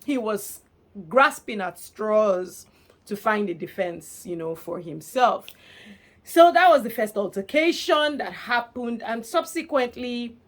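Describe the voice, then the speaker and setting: A woman giving a casual, gossipy recap of reality show drama in an animated, expressive way, laughing often. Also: on the high side, slow.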